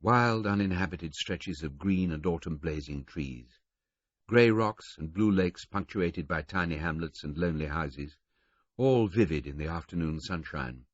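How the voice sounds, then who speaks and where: A man reading a novel aloud in the first person, telling the story in a lively, varied way. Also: low voice, unhurried, dry recording, muffled recording. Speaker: audiobook reader.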